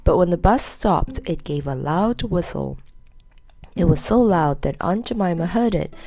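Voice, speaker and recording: Low, gravelly woman reading a storybook. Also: expressive, measured pace, dark tone, no room sound.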